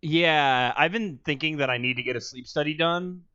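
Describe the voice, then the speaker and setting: Deadpan podcast guy, bright sharp voice, kinda muffled lo-fi mic, no room echo. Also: fairly high pitch, normal speed, clean tone. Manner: dry, deadpan humor. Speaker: podcast co-host. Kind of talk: casual chat.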